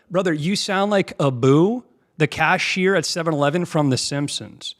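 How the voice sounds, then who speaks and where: A man's voice: a little high, normal speed. Mocking, combative male commentary host. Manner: mocking, combative, mimics clips. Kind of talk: political commentary.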